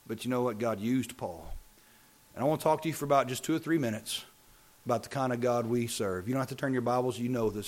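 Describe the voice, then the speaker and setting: Guy preaching, starts easy then gets loud and fired up, keeps repeating lines. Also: mid-range voice, quick pace. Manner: builds from calm talk to loud impassioned preaching; repeats phrases with emphasis. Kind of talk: sermon.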